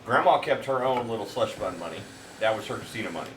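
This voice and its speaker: Low-voiced man heard from across a roomy space. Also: animated, fast, fairly bright tone, a little hiss or hum. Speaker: bar chat participant. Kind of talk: casual bar chat storytelling. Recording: roomy, distant mic with faint ambience.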